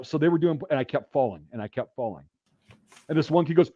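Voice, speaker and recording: A man hosting a casual talk, telling a profane story and acting out drill sergeants' shouts. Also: fairly high pitch, quick pace, dry recording, highs cut off. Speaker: podcast host.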